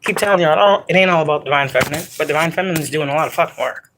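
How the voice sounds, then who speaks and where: A woman's voice: low-pitched, racing, noisy background. A woman doing a psychic tarot reading for her viewers in a casual, rambling way, swearing often and pressing her points hard. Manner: profane, rambling, emphatic.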